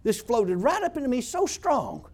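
A male pastor preaching a sermon, telling stories and building up to loud shouts. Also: very high voice, big pitch swings, moderate pace.

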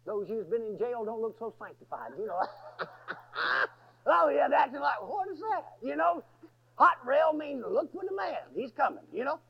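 A man telling a story in a sermon, folksy and animated, often bursting into shouts. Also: extremely high pitch, normal speed, gravelly, husky. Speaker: preacher. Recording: dull lo-fi sermon recording.

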